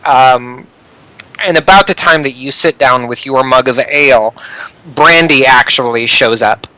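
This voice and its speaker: A man narrating as the game master of a tabletop role-play game in a relaxed, halting way. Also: medium pitch, no room sound, poor audio.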